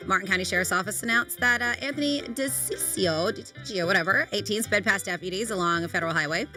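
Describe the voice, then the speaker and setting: A woman co-hosting a radio show, reading quirky news items in a casual, joking way. Her voice is bright and clear, with a faint music bed underneath. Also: medium pitch, fast talker. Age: adult, married. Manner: laughs between lines, offhand asides. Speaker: radio co-host. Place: radio studio.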